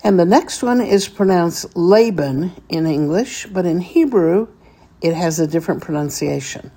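Slow, mellow woman teaching. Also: lowish voice, lively intonation. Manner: deliberate, repeats each word for practice. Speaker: Hebrew teacher. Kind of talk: slow vocabulary lesson.

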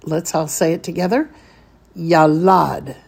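A woman's voice: lowish voice, lively intonation, takes it slowly, dark tone. A woman teaching a beginners' Hebrew reading lesson, patiently sounding out each syllable step by step.

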